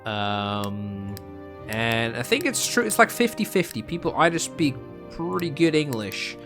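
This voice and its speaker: Brief: young male gaming streamer with a Dutch accent, mid-pitched, loose rambly rant, lots of ums and restarts. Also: very animated, measured pace, over music. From Netherlands. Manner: rambling and self-mocking, with frequent ums and restarts. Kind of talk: casual rambling chat while gaming.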